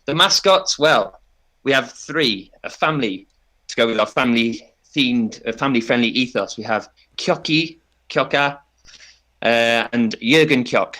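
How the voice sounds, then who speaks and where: A man on a podcast giving a playful, tongue-in-cheek pitch and laughing often. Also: a little slow, bright, forceful tone. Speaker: podcast panelist. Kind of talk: mock campaign pitch.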